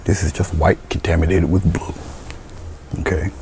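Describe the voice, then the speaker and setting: A man teaching painting step by step, calm and encouraging, his words often trailing off into soft murmurs. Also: low-pitched, normal speed, slight background noise. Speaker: painting instructor.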